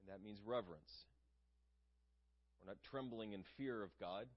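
A man's voice: lowish voice, moderate pace, muffled recording. A man preaching a sermon in an earnest, conversational way, asking his listeners questions.

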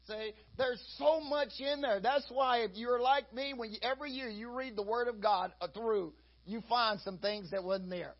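A man's voice: very high-pitched, moderate pace, hardly any pauses. A man preaching a sermon in a folksy, conversational way, peppering his talk with "you know". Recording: dull lo-fi recording.

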